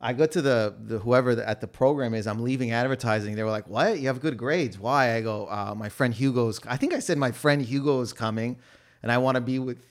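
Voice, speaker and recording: A man chatting as a podcast guest, telling anecdotes in loose, profane talk full of fillers and acting out other people's lines in loud voices. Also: mid-range voice, fast talker. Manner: animated storyteller who acts out quotes in loud voices. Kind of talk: casual chat, anecdotes.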